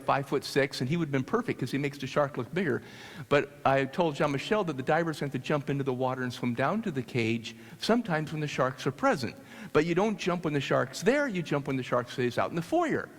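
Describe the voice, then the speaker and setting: A man from the United States telling a story to an audience, animated and halting with restarts. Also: fairly high pitch. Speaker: speaker. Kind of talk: storytelling talk. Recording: long hall reverb.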